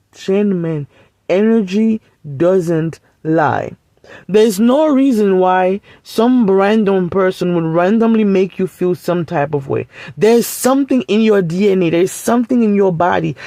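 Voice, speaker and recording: A woman's voice: mid-range voice, mellow. A woman recounts a personal story in a casual vlog, blunt and emphatic, swearing freely as she drives her point home. Her voice is recorded close and dry, with no echo around it.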